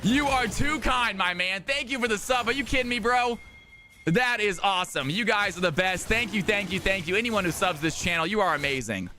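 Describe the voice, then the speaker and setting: Man, high voice, very bright and sharp, live esports shoutcaster, excitable, hyped, faint background music. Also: a little fast. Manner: excitable, hyped, shouts over big plays. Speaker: streamer and shoutcaster. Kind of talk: live esports play-by-play commentary.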